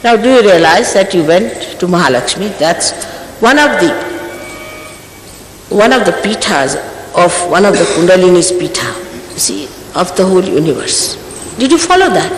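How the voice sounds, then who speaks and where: A woman's voice: medium pitch, very animated, moderate pace. Stern woman in her sixties, echoey hall. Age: 60s. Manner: stern, admonishing, rhetorical questions. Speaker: spiritual teacher. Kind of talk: scolding talk to followers. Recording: echoey hall, faint background hiss.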